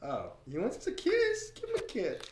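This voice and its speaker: A young man hosting a gaming show, giving casual gameplay commentary with excited yelling and silly crude jokes. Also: high-pitched, moderate pace, slight background noise. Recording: roomy sound with game music behind.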